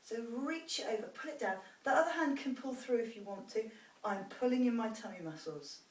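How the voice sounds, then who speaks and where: A woman's voice: fairly high pitch, expressive, fairly quick, darkish tone, far from the mic. A woman fitness instructor guiding a post-run stretching routine, demonstrating each stretch as she encourages the viewer. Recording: roomy sound from off-mic with faint noise.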